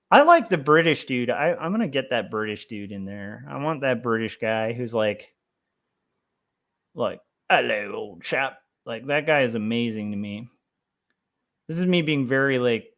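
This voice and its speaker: A young man chatting casually on a livestream as he draws comics, rambling with lots of fillers and getting excited about history. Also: mid-range voice. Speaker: comic artist streaming his drawing. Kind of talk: casual livestream chat while drawing.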